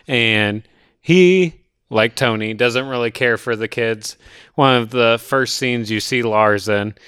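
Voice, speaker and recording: Bright, crisp male plot recapper. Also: mid-range voice, takes it slowly, dry recording, studio quality. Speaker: movie podcast co-host. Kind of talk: casual chat.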